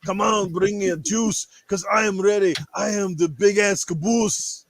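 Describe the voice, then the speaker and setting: A man's voice: high voice, fairly even intonation, measured pace, dry recording, voice pushed up. A man doing a crude, boastful action-star impression. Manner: vulgar, boastful, rambling rants. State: rough throat.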